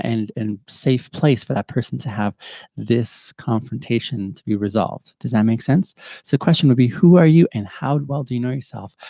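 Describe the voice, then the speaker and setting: Man, podcast host, earnest reflective monologue, warm mellow tone, dry close sound. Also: medium pitch, dry recording. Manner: earnest, repeats and restarts, asks listeners "does that make sense".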